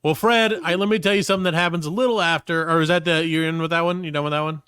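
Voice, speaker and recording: A man's voice: a little high, steady tone, very fast. A man co-hosting a casual comedy podcast, reading a news story aloud with laughs and asides. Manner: reads news stories aloud with laughs and silly voices. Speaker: podcast co-host.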